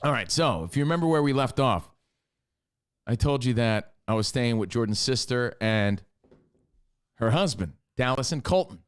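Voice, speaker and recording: Male radio co-host, mid-pitched voice, casual self-deprecating storyteller. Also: expressive, moderate pace, clean tone.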